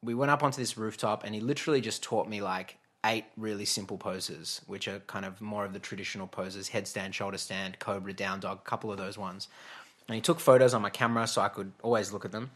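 A man's voice: on the low side, steady tone, fast, a bit bright. A man, telling a long personal story as a guest in a casual interview, chatty and laughing, with many fillers and restarts.

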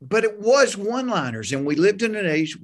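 Sitting high and moving fairly quickly, the voice belongs to a Southern-accented comedian from Georgia. During a casual interview he's the guest, relating lively anecdotes in a homespun, plainspoken style.

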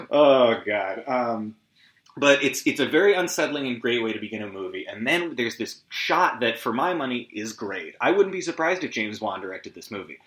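Male podcast host, bright, sharp tone, rambling recap with profane asides, lo-fi echoey room. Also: mid-range voice, expressive, moderate pace. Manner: rambling, scattered, swearing, self-deprecating asides. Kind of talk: solo movie recap.

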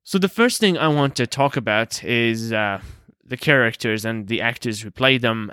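A man's voice: mid-range voice, bright, forceful tone, clean tone, no room sound, clean studio sound. A young man hosting a movie review show, speaking casually and hesitantly, with many fillers and self-corrections. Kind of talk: casual spoken film review.

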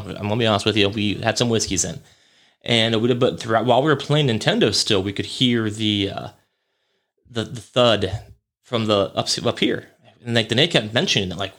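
A man's voice: medium pitch, fairly bright tone. A young man hosting a podcast, rambling through a casual story with lots of fillers, swearing and chuckles. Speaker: podcast host.

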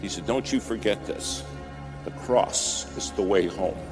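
A man preaching a sermon as a story, dramatic, rising to loud peaks and dropping to near whispers. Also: fairly low pitch, measured pace. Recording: music bed under the voice.

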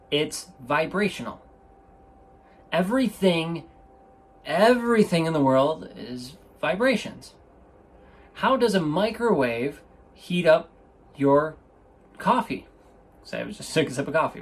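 A man's voice: a little high, husky. A man hosting a podcast, chatting casually and enthusiastically, rambling and often restarting his sentences, recorded on a microphone in an indoor room. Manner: enthusiastic, rambling, self-interrupting. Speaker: podcast host. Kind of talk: casual solo podcast talk. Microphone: studio microphone.

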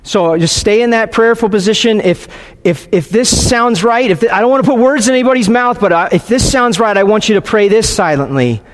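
A man preaching a sermon, leading a silent prayer and reading scripture in an earnest, pausing way with frequent restarts. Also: high voice. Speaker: pastor. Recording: long hall reverb.

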